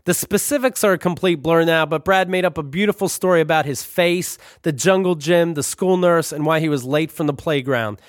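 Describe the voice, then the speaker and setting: A man's voice: fairly high pitch, dry recording, studio quality. A man narrating his own memoir with wry, profane, conversational humor. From Brooklyn, New York.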